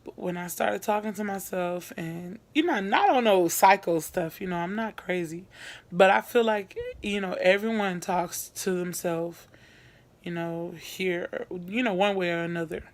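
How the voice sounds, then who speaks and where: A woman's voice: on the low side, measured pace. A young woman chatting casually in a get-to-know-me vlog from her bed at night, rambling with many fillers and repeating herself. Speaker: vlogger.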